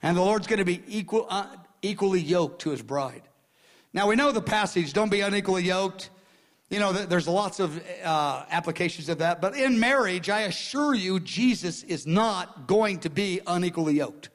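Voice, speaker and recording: Earnest high-voiced male preacher. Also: moderate pace. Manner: earnest, repeats phrases, swings from soft murmurs to loud outbursts. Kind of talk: sermon.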